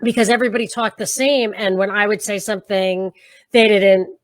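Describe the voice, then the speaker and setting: A woman's voice: mid-range voice, no echo. A woman with a Brooklyn New York accent, chatting as a guest and telling stories with a ready laugh over a video call. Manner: animated storyteller, quick laugh. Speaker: podcast guest, radio host. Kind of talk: casual chat.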